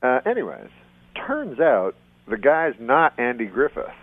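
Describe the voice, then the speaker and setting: A man calling in to a radio show, speaking deadpan with long drawn-out pauses. His pitch swings widely between phrases. The phone line sounds dull and lo-fi. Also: no echo. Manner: deadpan, drawling. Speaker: comedian guest. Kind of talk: casual radio interview.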